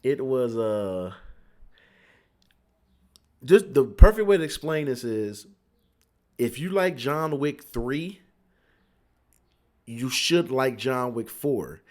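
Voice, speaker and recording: A man's voice: medium pitch, lively intonation, slow, long pauses, darkish tone. A young man from Cincinnati reviewing a movie in a casual, rambling way, repeating words and acting out his friends' lines.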